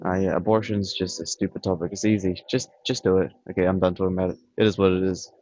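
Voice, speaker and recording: Blunt low-voiced man rambling to camera. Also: flat delivery, quick pace, a little mellow, dry recording, highs cut off, soft background music. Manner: blunt, dismissive, repetitive. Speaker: vlogger. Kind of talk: casual rambling monologue. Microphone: camera on tripod.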